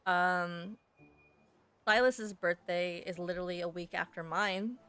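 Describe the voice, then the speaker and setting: A woman streamer chatting casually and reading a game letter aloud, haltingly, correcting herself and laughing often. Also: fairly low pitch, fairly even intonation, a bit bright, clean tone.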